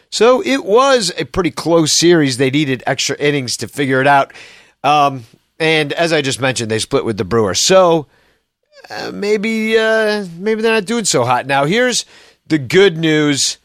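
A man's voice: mid-range voice, lively intonation, measured pace, fairly bright tone, no room sound, clean studio sound. Sarcastic man hosting a sports podcast. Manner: rambling and sarcastic. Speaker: podcast host. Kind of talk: casual solo sports podcast talk.

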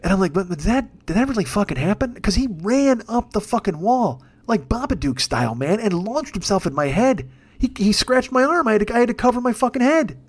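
Man, high voice, rapid pace, profane, rambling comic storyteller. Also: big pitch swings. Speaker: podcast host. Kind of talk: comedic storytelling.

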